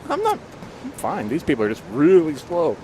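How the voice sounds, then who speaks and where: A man's voice: a little high, wildly swooping pitch, normal speed, darkish tone, faint music behind. A man co-hosting a podcast, chatting in a laid-back way and laughing often while driving a truck. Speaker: podcast co-host. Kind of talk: casual chat. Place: driving a truck in freezing rain. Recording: car interior with road noise.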